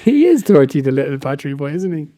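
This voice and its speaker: Brief: male podcast co-host, mellow tone, dry close sound, curious and quick to laugh. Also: on the high side, big pitch swings, no room sound. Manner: curious, laughs often, retells stories. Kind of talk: casual chat.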